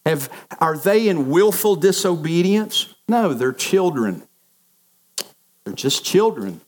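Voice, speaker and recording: A middle-aged pastor delivers a sermon to his congregation in a somewhat high, slightly mellow voice, taking his time. He recounts stories from family life, voicing the quoted lines with big swings in pitch.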